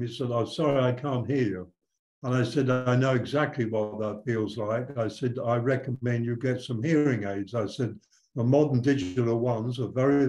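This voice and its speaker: A man's voice: mid-range voice, darkish tone, roomy sound, low-quality recording. An older man, a spiritual teacher, talking reflectively and telling stories in an interview, with frequent restarts. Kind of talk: conversational interview storytelling.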